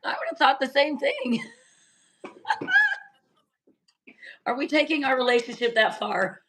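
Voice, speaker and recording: A chatty woman in her fifties co-hosts a relaxed talk show and exclaims freely. Her voice sits a little high and sounds bright. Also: slow. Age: 50s. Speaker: podcast co-host. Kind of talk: casual chat.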